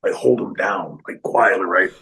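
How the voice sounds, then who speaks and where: A middle-aged man casually telling stories in a studio interview, animated and laughing often, acting out other people's lines. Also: low voice, normal speed, creaky, rough recording. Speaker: retired pro wrestler guest telling stories. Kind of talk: casual storytelling in a podcast interview.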